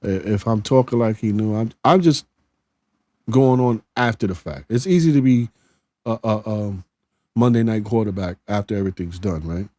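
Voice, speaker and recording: A man's voice: fairly low pitch, moderate pace, mellow, dry recording. A middle-aged man hosting a live show, talking in a plainspoken, conversational way with frequent restarts as he reads out viewer comments. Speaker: host reading viewer comments. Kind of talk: casual live-stream chat.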